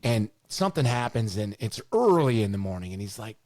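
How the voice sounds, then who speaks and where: Low-voiced middle-aged man spinning stories. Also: fairly quick. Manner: animated, repeats words, swears casually. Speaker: podcast co-host. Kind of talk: casual storytelling chat.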